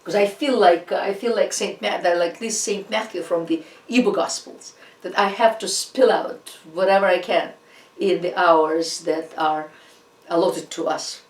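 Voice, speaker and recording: Woman, Russian accent, art history lecturer, halting with fillers, roomy echo, distant mic. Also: fairly low pitch. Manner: halting, many fillers and restarts, animated asides. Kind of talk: informal recorded lecture.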